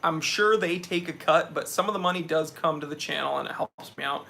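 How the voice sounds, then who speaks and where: Young man, live stream host, bright high voice, energetic, reads chat aloud, sweaty after a hike. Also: a little fast, vocal fry.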